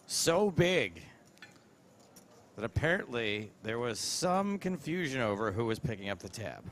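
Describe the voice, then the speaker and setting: A man's voice: mid-range voice, big pitch swings, a little slow, fairly bright tone, a little hiss or hum. A man commentating a live poker stream, bantering in a dry, joking way.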